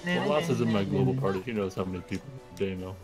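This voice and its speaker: A man's voice: deep voice, lively intonation, fast talker, over loud music. A man on a stream voice chat, teasing and joking with the host. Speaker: stream guest. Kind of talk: casual voice chat.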